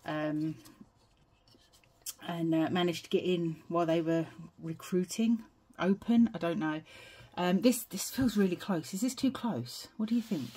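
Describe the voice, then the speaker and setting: British woman, young adult, low-pitched, out of breath, rambling home vlogger. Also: a little slow, mellow, breathy edge. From United Kingdom. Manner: chatty, rambling, self-deprecating. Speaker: budgeting vlogger. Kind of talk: casual chat to camera. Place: home, evening.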